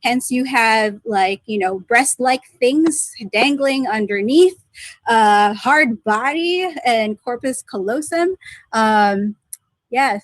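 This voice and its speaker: A woman's voice: a little high, slow pace, dry recording. Cheeky woman with dry studio sound. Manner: cheeky, deadpan innuendo. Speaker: science segment presenter.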